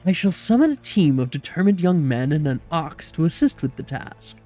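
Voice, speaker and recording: Sneering café owner, clipped insults, a bit raised in pitch, as a man puts him on. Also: sing-song, normal speed, mellow, faint music behind. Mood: scornful. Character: sharp-tongued male café owner, disdainful and dry.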